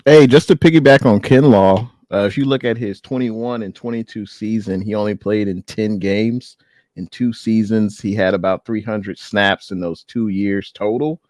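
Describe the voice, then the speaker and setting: A man's voice: lowish voice, moderate pace, darkish tone, dry recording. A man co-hosting a casual sports talk show, chiming in with stats. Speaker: podcast co-host.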